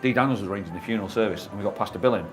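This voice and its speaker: A man's voice: lowish voice, rapid-fire, music in the background. Chatty man in his fifties on radio. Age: 50s. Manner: chatty, jokey storyteller, swears freely. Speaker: radio co-host. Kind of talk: casual radio chat. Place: radio studio.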